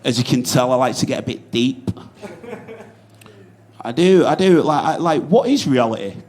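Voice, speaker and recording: Animated Yorkshire stand-up comic. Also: male voice, medium pitch, normal speed, noisy background. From Yorkshire, England. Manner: swearing, rambling anecdotes with frequent asides. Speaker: stand-up comedian. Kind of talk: stand-up comedy set. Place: comedy stage.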